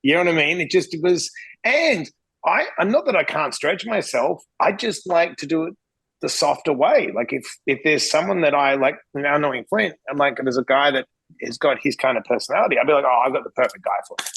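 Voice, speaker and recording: A middle-aged man from Western Australia, an interventionist guest telling blunt, animated stories in a casual interview. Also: a little fast, vocal fry, husky, dry recording, rough recording. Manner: blunt, animated, swings pitch when quoting himself.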